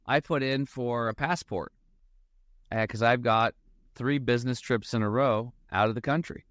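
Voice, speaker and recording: A man's voice: mid-range voice, moderate pace, a bit bright, no room sound, studio quality. A man, a financial advisor guest, chatting casually in a rambling storytelling way and acting out bits of dialogue. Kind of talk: casual podcast conversation.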